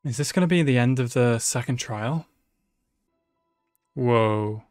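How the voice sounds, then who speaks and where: A man's voice: medium pitch, a little fast, a little mellow, no echo, studio quality, soft background music. A man giving emotional live reaction commentary on an anime, swearing freely and talking back to the screen. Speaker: anime reaction channel host.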